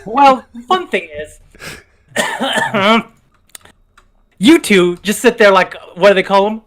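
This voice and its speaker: A man's voice: sits high, lively intonation, slow, fairly bright tone. A man hosting a casual livestream show, rambling and riffing in a playful, self-mocking way. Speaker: host.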